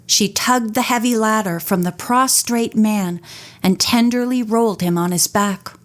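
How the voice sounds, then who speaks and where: A woman reading an audiobook in a measured, careful style. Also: medium pitch. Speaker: audiobook narrator. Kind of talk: audiobook narration.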